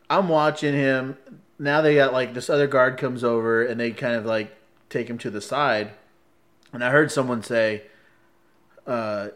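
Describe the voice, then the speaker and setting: A man in a casual chat, telling a story in an animated way, laughing often and acting out quoted lines. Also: medium pitch.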